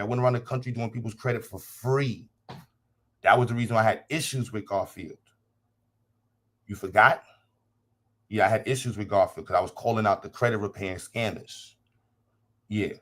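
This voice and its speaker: A man hosting a livestream and talking casually to his chat, blunt, profane and combative, repeating phrases for emphasis. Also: mid-range voice. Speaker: livestream host.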